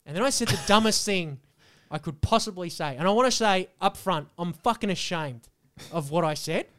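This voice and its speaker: A young man with a fairly high-pitched voice, co-hosting a casual podcast. He tells a story full of swearing with animated, rambling energy. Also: moderate pace, clear, resonant tone. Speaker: podcast co-host.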